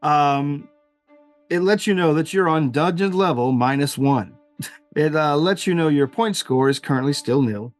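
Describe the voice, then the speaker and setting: A man's voice: fairly high pitch, unhurried, faint music behind. A man narrating as game master of a tabletop game, rambling with fillers and frequent laughs.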